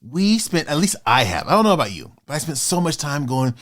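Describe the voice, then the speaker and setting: A man in his fifties hosting his own motivational vlog, talking in a passionate, fired-up way with sudden loud bursts. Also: fairly high pitch, very animated, a little fast, hardly any pauses. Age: 50s. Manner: acts out doubters in quoted asides. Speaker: author and channel host.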